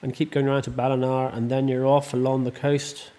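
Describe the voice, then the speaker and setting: A man's voice: mid-range voice, flat delivery, a little fast, mellow. Rambling, chatty man. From Ireland. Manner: rambling, chatty, many ums and restarts. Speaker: host and estate owner. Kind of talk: casual interview.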